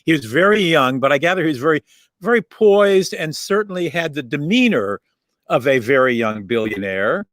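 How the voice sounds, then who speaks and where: A man hosting a radio interview, asking questions and recapping in a thoughtful, measured way. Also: a little high, lively intonation, fairly bright tone, dry recording, studio quality. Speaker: radio show host.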